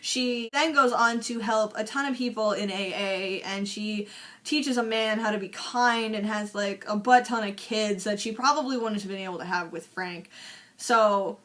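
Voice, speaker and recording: A woman's voice: medium pitch, normal speed, a bit bright. A young woman recapping a film in a chatty, sarcastic way, peppered with "like" and swearing. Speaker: movie reviewer. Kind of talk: casual movie recap vlog.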